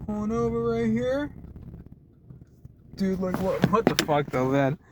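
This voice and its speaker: A young man talks off the cuff from the driver's seat, voice sitting a touch higher than usual, loose and profane with plenty of "dude" and "man". Faint car and road noise hum underneath. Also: animated, unhurried. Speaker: vlogger. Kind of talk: casual car vlog.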